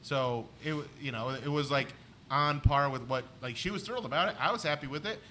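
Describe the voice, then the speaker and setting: A man's voice: fairly high pitch, brisk, pushed and bright, slight background noise. A man, a comedian co-hosting a podcast, telling a rambling story in casual chat with lots of "like". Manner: rambling anecdotes full of "like".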